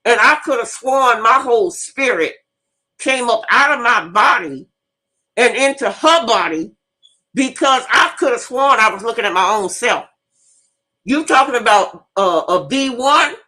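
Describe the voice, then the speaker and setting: A woman host and teacher telling an animated, profane story in casual live talk, repeating herself as she goes. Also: on the high side.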